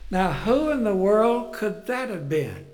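A man preaching a folksy Bible sermon, telling the story with rhetorical questions and chuckles, and swelling loud on key phrases. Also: high voice, sing-song, unhurried.

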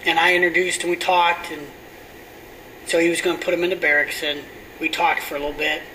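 A middle-aged pastor telling a story in a sermon, often sinking to a hushed near-whisper. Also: male voice, fairly high pitch, fairly quick. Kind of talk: sermon testimony. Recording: distant mic with steady air conditioning hum.

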